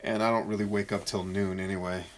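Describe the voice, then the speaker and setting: A man coaching viewers in a casual live-stream Q&A, reading their comments aloud and answering bluntly with jokes. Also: level tone. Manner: mocks shrill voices in quick bursts.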